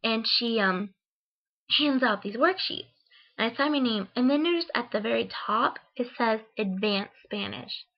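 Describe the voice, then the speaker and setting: A young woman from Ohio tells a funny story in a chatty vlog. Her voice sits a bit high, and she fills it with "like" and "um" as she acts out her own reactions. The recording sounds dull and lo-fi. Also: normal speed. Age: young adult. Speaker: vlogger. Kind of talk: casual storytelling.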